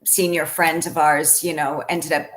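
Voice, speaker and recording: A woman's voice: deep voice, little pitch movement, measured pace, a bit bright. A woman hosting an interview, encouraging her guest and agreeing with her often. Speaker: host. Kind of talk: conversational interview.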